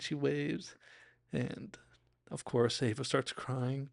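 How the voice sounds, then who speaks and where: Man, podcast host, casual episode recap, enthusiastic and rambling, self-deprecating, gravelly voice, dry close recording. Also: mid-range voice, fairly even intonation, a little slow, a little mellow, dry recording.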